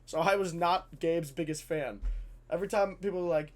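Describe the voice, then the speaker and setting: A man tells a comic story from his school days in a loose, chatty way. His voice sits a little high, and he swears freely and fills pauses with "um" and "like". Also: faint music behind. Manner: animated, swears freely, lots of fillers. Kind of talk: casual comedic storytelling.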